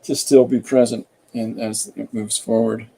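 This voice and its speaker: A man hosting an art podcast, thinking aloud in a relaxed, rambling way while he draws and reads viewer comments. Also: medium pitch, a little slow, vocal fry, breathy edge, poor audio. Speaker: artist and podcast host. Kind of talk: casual livestream chat while drawing.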